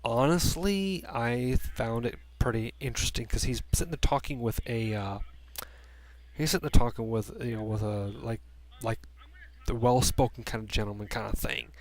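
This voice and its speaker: Man, casual movie review, rambling, lots of restarts, mid-pitched voice, at home. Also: normal speed. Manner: rambling, with frequent restarts and fillers. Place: room at home by a heater.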